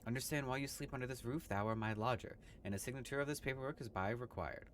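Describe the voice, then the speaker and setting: A man's voice: medium pitch, quick pace, slight background noise, lightly acted. A man voicing a fussy landlady who speaks in stilted, archaic language. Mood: prim. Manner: stilted archaic speech, thee and thou.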